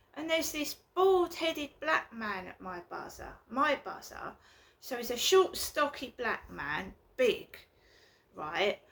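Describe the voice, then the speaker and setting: A woman rants casually from her flat, circling back over the same complaints. Her voice sits fairly high and sounds bright and sharp, with a gravelly edge. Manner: agitated, repetitive complaining. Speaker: vlogger. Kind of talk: casual ranting monologue.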